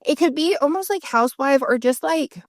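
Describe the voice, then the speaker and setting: A woman co-hosting a podcast in casual chat, telling stories lively and acting out the people she quotes. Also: high voice, brisk, no echo, clean studio sound. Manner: animated storyteller, acts out quoted people. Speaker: podcast co-host.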